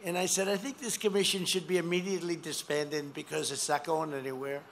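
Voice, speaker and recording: A man's voice: on the high side, steady tone, fairly quick. An older man giving an emphatic, rambling rally speech outdoors, repeating phrases. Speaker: political speaker at a rally. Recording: rally speech with faint crowd noise.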